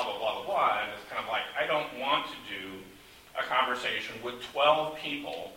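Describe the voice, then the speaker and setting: A man's voice: mid-range voice, pushed and bright. A male author in a casual panel chat, rambling and self-deprecating, with many restarts. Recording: echoey room, distant mic, faint hiss.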